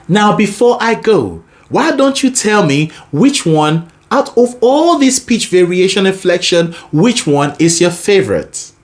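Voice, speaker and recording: Brief: woman vocal coach, conversational teaching, breaks into sung examples. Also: lowish voice. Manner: explains then demonstrates by singing. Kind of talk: singing lesson with sung demonstrations.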